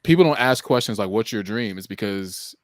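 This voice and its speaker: Reflective low-voiced man, casual podcast chat. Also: animated, brisk, no echo, studio quality. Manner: reflective, thoughtful, often says "like". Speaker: podcast co-host.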